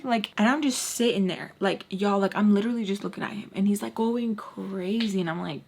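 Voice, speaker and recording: A young woman vlogger telling a long story in a casual, animated way, talking straight to her viewers, with frequent "like"s and blunt swearing. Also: mid-range voice, fairly quick, gravelly. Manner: animated, chatty, swears, addresses viewers as y'all.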